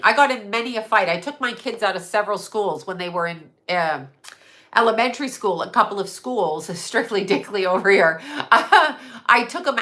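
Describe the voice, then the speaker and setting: A middle-aged woman talks straight into her live stream, blunt, profane and quick to laugh. Her voice is bright and sharp-edged. She hops from one topic to the next without warning. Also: mid-range voice. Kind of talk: casual live stream chat.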